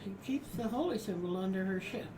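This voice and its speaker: A woman's voice: mid-range voice, lively intonation, brisk, mellow. Brief: female player, casual and questioning, mid-range voice, distant and hissy. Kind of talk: casual tabletop game chat.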